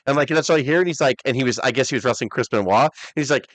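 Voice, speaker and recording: Fast, excitable male podcast co-host, mid-pitched, dry close mic. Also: dry recording. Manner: rapid, excited, swears a lot. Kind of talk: casual chat.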